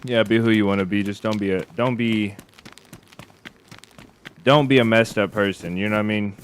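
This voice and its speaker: A man's voice: lowish voice, moderate pace, slight background noise. A man streaming a survival game, chatting casually and rambling with his viewers. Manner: relaxed, rambling, chats with viewers. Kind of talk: casual live-stream commentary.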